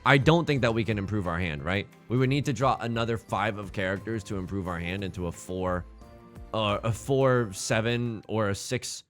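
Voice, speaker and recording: A young man giving casual gameplay commentary as a let's play host, swinging between fretting mutters and excited outbursts. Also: lowish voice, moderate pace, faint music behind.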